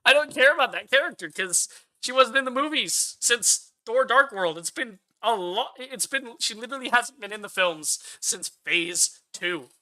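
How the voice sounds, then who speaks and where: A man's voice: very high voice, animated, moderate pace, few pauses, pushed and bright. A man hosting his own channel, giving a profane, exasperated rant of movie commentary. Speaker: channel host.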